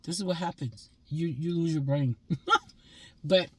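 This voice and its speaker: Blunt, husky-voiced woman in her sixties. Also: sits low, measured pace, warm tone, dry recording. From Pennsylvania. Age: 60s. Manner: blunt, profane, lecturing. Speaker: vlogger. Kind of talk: scolding monologue to camera.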